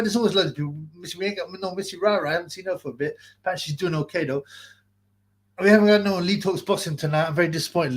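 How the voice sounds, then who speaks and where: A man hosting a livestream, chatting in a rambling, profane way and laughing often. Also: a little high. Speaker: livestream host. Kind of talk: casual livestream chat.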